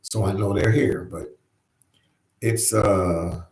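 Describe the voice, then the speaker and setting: Casting: laid-back male livestream host, lowish voice, echoey room, chats loosely with viewers. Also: steady tone, takes it slowly, darkish tone. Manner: easygoing, repeats phrases, says "man" often. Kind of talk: casual live chat. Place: New York.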